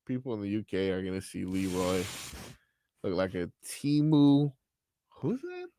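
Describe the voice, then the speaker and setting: Male radio sidekick, gravelly, lively pitch, teasing. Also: a little slow, no echo. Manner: wisecracking, teasing. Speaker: radio show co-host. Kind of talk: casual studio banter.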